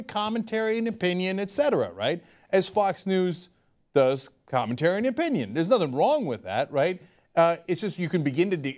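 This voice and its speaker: A man's voice: high voice, a little mellow. A man hosting casual political commentary, sarcastic and often laughing as he mocks what he quotes. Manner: sarcastic, laughing, mocking impressions.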